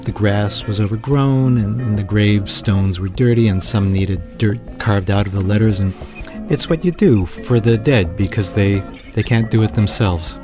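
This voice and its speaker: Male storyteller, low voice, vivid first-person tale, faint music under. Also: normal speed.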